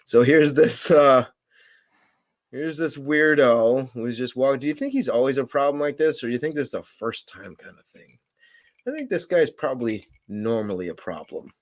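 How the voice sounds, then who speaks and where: A man's voice: medium pitch, lively intonation, normal speed. A young man hosting a podcast, chatting casually in a rambling, profane, laughing way. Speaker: podcast host. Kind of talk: casual chat.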